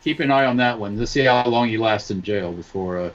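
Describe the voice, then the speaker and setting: A man chatting as a podcast guest over a call, talking haltingly with many fillers and restarts. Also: fairly low pitch. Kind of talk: casual chat over a call. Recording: dull lo-fi video call audio.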